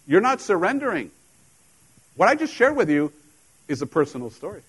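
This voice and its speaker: A middle-aged man delivers a sermon in church, his carrying a tinge. He talks to the congregation like old friends, mixing jokes and laughs into the preaching. His voice sits slightly high for a man. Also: sing-song, normal speed, a bit bright, breathy edge, low-quality recording. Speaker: pastor.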